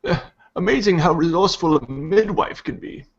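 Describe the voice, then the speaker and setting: A man voicing a frail, fussy old male priest in a tabletop game, with a high, urgent, quavering voice. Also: moderate pace, vocal fry. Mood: anxious. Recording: dull lo-fi audio.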